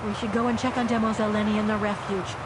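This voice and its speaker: An actress voicing a calm, inquisitive woman investigator in a video game, speaking in a composed, matter-of-fact way. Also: mid-range voice, very fast, heavy background noise, natural voice.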